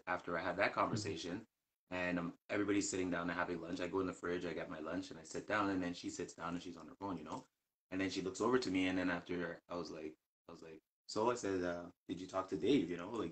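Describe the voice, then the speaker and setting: A man with a notably low voice tells a story from work in a relaxed live chat. He rambles, restarts his sentences and fills the gaps with "you know" and "like.". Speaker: co-host telling a work story.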